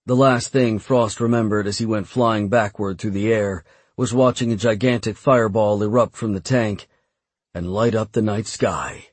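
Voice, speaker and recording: A male audiobook narrator with a low, husky voice, reading steadily and measuredly. The sound is close and dry. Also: fairly even intonation, normal speed, dry recording. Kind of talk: scripted narration.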